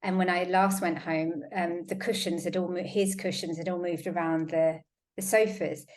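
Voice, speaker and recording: A woman hosts a relaxed conversation, recounting events in a lively storytelling manner. Her voice sits on the lower side, and she often slips into quoting what she said. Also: moderate pace. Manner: animated storytelling, quotes herself often. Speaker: host. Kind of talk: casual chat.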